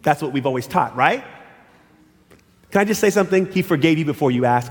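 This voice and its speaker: A middle-aged man preaching a sermon as pastor, telling stories and acting out quotes in shifting voices. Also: a little fast. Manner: animated, acts out quotes in high and low voices. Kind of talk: sermon with storytelling. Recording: long hall reverb.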